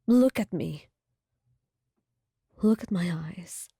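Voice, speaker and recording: A woman's voice: mid-range voice, takes it slowly, warm tone, husky, no room sound, clean studio sound, heavily acted. Arlecchino, a woman whispering as a stern woman breaking. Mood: desperate. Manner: trembling, pleading whisper. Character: stern powerful woman, shaken and grieving. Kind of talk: whispered role-play.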